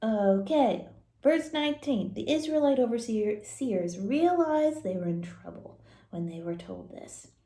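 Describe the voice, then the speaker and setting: A woman walks through a Bible story in a loose, chatty way, tossing in playful asides. Her voice sits a little high yet sounds mellow and soft-edged. The sound rings around an echoey church room. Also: animated, measured pace. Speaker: church leader reading scripture. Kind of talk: casual Bible story lesson. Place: church building.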